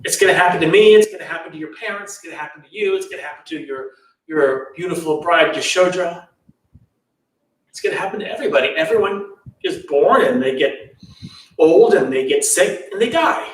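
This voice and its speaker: A man's voice: fairly high pitch, fairly quick, echoey room, distant mic, close to an everyday voice, rough recording. A man doing a patient, matter-of-fact servant. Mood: explaining. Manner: flat, explaining tone.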